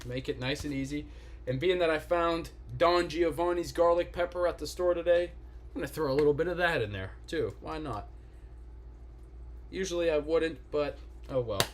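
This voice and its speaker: Here a Pittsburgh-area man streams himself cooking at home, addressing viewers directly with casual swearing. His voice leans high and he talks at an ordinary speed.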